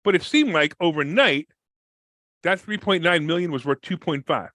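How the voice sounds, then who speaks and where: A man, a real estate investor guest on a podcast interview, telling a story with lively energy and acting out the people in it. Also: no room sound. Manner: fast, energetic, acts out quoted people with big pitch jumps.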